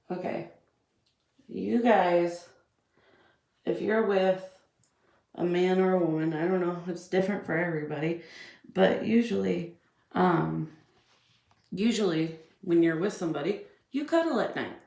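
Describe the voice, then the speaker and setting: A fired-up woman with a drawl vents in a blunt, profane rant. Her voice sits low with a rough, gravelly fry. The sound bounces around an echoey room. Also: measured pace, pauses often, a little mellow. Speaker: vlogger. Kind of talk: ranting commentary.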